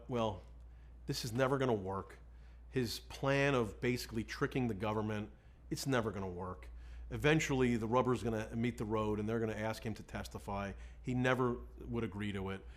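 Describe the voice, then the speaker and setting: A defense lawyer telling a story in an interview, candid and self-deprecating, often quoting himself and others. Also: male voice, medium pitch.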